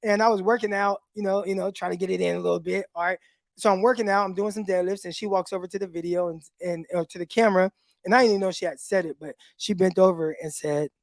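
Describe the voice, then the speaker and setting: A man's voice: sits high, fast, vocal fry, no echo. Man telling stories animatedly on a livestream. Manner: animated storytelling with laughs. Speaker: podcast host and former football player. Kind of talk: casual livestream chat. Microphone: phone.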